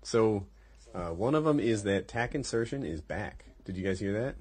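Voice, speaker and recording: A man's voice: lowish voice, expressive, moderate pace, very noisy. A man co-hosting a podcast, chatting in a laid-back way with brief reactions. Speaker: podcast co-host. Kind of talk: casual chat.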